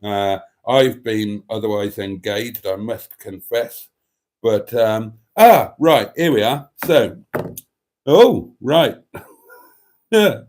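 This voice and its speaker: A man's voice: lowish voice, animated, slow pace, a little mellow. A man hosting a live stream, chatting in a theatrical, camp way, calling listeners darlings and rambling with self-mocking muttered asides. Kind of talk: casual chat reading out viewer comments.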